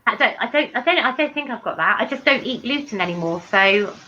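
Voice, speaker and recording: A woman with a high voice chats on a livestream, stumbling and repeating her words. Her tone is sharp and bright, and the sound is dull and lo-fi. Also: expressive, brisk, a little hiss or hum. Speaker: livestream co-host. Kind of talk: casual livestream chat.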